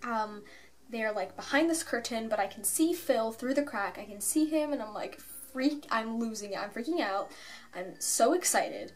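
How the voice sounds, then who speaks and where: Excitable young woman vlogger, rambling. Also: on the high side, normal speed, faint music behind. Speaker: fan vlogger. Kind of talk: casual storytelling vlog.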